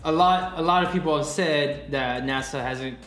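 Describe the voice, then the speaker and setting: A man's voice: fairly high pitch, normal speed, a bit bright. A man in his twenties co-hosting a podcast in casual chat, rambling with lots of swearing and fillers. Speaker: podcast co-host. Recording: roomy, faint music.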